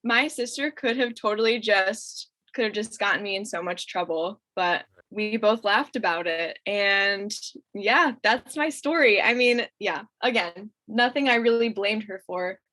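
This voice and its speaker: A woman in her twenties, a podcast guest, telling a childhood story in a casual, animated way and laughing often. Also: medium pitch, a little slow, few pauses, rough recording.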